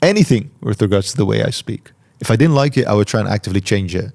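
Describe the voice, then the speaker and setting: A man hosting a podcast, answering listener questions in a calm, reflective way and articulating each word carefully. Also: on the low side, quick pace, gravelly. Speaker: podcast host. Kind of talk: solo Q&A talk.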